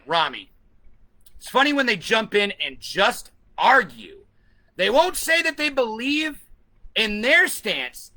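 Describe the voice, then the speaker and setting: A man with a high, very bright and cutting voice rants to the camera, swearing freely and hammering each point home. He moves between combative tirades and answering viewer comments in a vlog. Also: low-quality recording. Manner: profane, combative, emphatic. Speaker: vlogger. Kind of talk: ranting vlog, reading comments.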